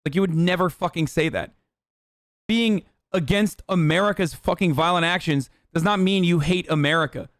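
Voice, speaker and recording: Studio-quality and dry, the recording captures a high-pitched man speaking at a moderate pace. He's a livestream host ranting through political commentary, sarcastic, heated and heavily profane.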